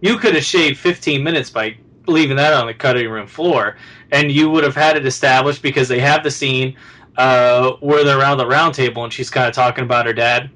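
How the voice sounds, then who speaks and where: A man's voice: medium pitch, fairly even intonation, brisk, sharp tone, rough recording. A man co-hosting a casual podcast, reviewing a movie in a rambling way full of fillers and asides. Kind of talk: casual chat.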